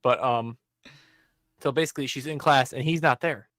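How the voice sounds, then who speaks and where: Young man, podcast co-host, casual recap, animated, plenty of fillers, dry room. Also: medium pitch, moderate pace, no echo. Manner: animated storytelling, acting out characters' lines with many "um" and "like". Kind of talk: casual chat.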